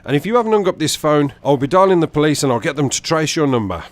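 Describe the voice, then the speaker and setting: A man's voice: a little high, animated, fast, pitched above the performer's own voice, lightly acted. A man doing a ranting, furious bloke. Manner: shouting, insulting, threatening. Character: furious middle-aged man on a prank answering machine.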